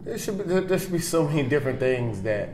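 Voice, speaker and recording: A man's voice: a little high, big pitch swings, fast talker, darkish tone, slight background noise. A man co-hosting a casual podcast chat, talking in laid-back, slangy banter. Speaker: podcast co-host.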